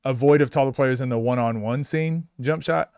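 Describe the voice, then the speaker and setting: A man's voice: medium pitch, normal speed, darkish tone, clean tone, dry recording. Man from Oklahoma with a mid-range voice, recorded dry, chatting casually with his stream chat and laughing often. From Oklahoma, USA.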